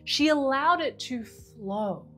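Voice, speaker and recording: A woman's voice: sits high, expressive, slow, fairly bright tone, faint music behind. A woman working as a mind-body coach, telling a story to camera in a conversational way and re-enacting the words of the people in it.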